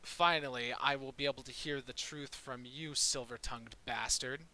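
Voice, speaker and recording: A man voicing a stern, authoritative male ship captain who speaks gravely and slowly in a tabletop game. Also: mid-range voice, steady tone, bright, forceful tone, rough recording.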